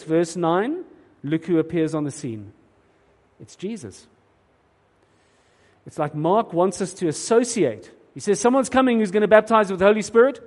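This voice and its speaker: A man with a slightly high, warm voice preaches a sermon earnestly and emphatically, often repeating words as he begins a thought. The recording carries a long hall reverb.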